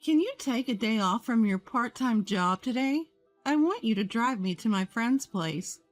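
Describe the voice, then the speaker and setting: A woman's voice: on the high side, animated, normal speed, faint music behind, natural voice. A woman voicing a bossy, nagging mother-in-law. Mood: demanding. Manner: nagging, entitled.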